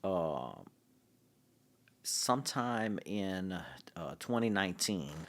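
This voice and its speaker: A middle-aged man, a podcast guest telling a story in casual conversation, halting with fillers and restarts. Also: sits low. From Louisiana, USA. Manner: halting, many restarts and fillers, grows excited. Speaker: podcast guest, city public relations director.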